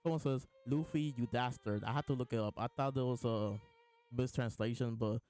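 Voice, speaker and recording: A man's voice: medium pitch, brisk, darkish tone, soft background music. A man hosting a live reaction, reading lines aloud between laughs and restarts. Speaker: host reading and reacting to a comic chapter. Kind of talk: casual live reaction chat.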